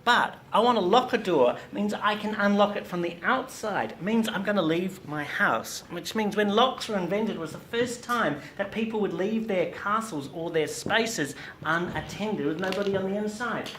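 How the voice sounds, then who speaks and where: Lively woman teacher quizzing her class, pitch jumps around a lot, echoey classroom w faint hum. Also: normal speed, few pauses. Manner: animated, demonstrative, quizzes the class.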